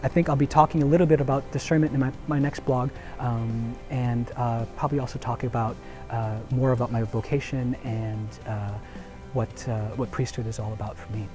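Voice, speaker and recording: A man's voice: mid-range voice, fairly even intonation, fairly quick, darkish tone, soft background music. A young man, a Jesuit deacon, shares earnest reflections in a video blog, telling a story with many fillers and restarts.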